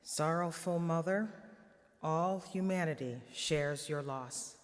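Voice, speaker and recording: A man giving a solemn, hushed devotional reading at a Good Friday service, tender and sorrowful. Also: fairly high pitch, slow pace. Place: church. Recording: long church reverb.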